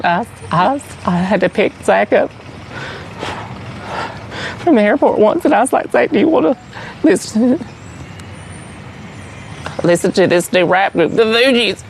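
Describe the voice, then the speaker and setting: A man's voice: high voice, slight background noise, exaggerated voice, rough recording. An actor playing an awkward, earnest adult man who stammers through a mock interview as someone's twin brother. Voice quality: creaky. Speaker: interview guest.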